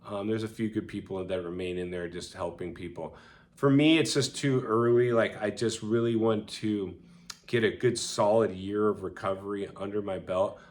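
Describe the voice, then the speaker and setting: A man's voice: on the low side, fairly even intonation, normal speed. A man sharing a personal story with viewers in an earnest, conversational way, with frequent fillers. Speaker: vlogger.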